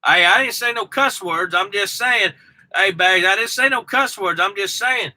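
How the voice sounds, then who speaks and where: A man's voice: high voice, moderate pace, bright, forceful tone, poor audio. A man with a Southern US accent, a truck driver chatting casually and rambling to his viewers by name. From Southern United States. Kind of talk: casual live chat with viewers.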